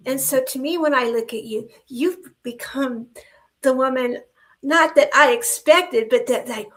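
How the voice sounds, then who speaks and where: A woman in her sixties with a bright, high voice chats with lively energy, quick to laugh and emphatic in her praise. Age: 60s. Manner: animated, laughing, expressive. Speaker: co-host. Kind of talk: casual chat.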